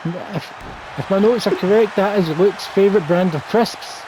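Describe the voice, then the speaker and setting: A man's voice: sits high, normal speed, noisy background. Wry man calling wrestling. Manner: wry, teasing banter. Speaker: wrestling game commentator. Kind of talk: play-by-play commentary over a video game.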